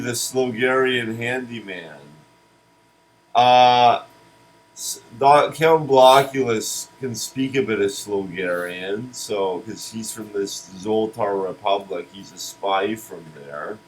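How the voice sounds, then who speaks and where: A man pitching a cartoon series in casual comedic chat, rambling and restarting words. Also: slow pace, rough recording. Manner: rambling, restarts words, laughs at own jokes.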